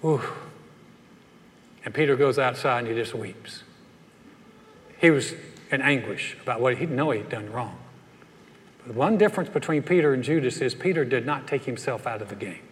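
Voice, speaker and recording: Folksy storytelling preacher in a reverberant hall. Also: male voice, medium pitch, lively intonation, moderate pace, pauses often. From North Carolina. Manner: folksy storytelling, acts out the voices in the stories. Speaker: pastor. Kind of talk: sermon. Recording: long reverb of a large hall.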